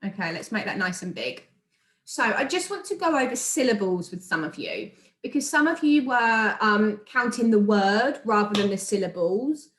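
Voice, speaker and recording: A woman's voice: mid-range voice, lively intonation, normal speed. A woman with a British accent, a primary school teacher recording a remote lesson, speaking encouragingly and sounding out words for young children. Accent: British English. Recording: echoey room.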